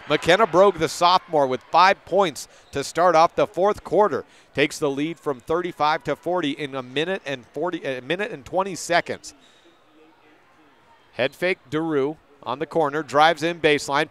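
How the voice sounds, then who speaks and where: A man briskly calls a high school girls' basketball game for local radio, a bit bright in tone. Every so often he catches himself and corrects a player's name.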